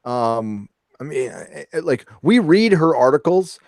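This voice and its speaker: A man's voice: on the high side, sing-song, unhurried, no echo, studio quality. A man who is a podcast guest, talking casually in an earnest, rambling way with many fillers. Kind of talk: casual opinion chat.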